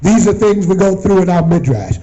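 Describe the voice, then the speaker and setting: A man teaching from scripture to a group, often pausing to ask them questions and repeating phrases for them to answer. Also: high-pitched, animated, dark tone, lo-fi sound. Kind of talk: call-and-response Bible teaching.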